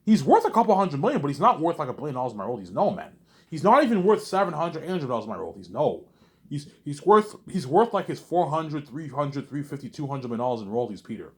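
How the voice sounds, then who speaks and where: Casual vlogger, male, quick, sing-song delivery, keeps circling back on himself. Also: medium pitch. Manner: animated, repetitive, haggling back and forth with himself. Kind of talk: casual rambling monologue.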